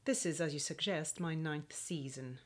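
A proud aristocratic lady in her late twenties, played by a woman speaks with cool, cutting scorn. Her voice sits low and measured, every word crisp and disdainful. It sounds like an old-fashioned radio play. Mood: cold. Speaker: actor.

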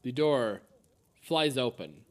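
A man narrating as game master of a tabletop game, halting, with many fillers and restarts. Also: medium pitch, expressive.

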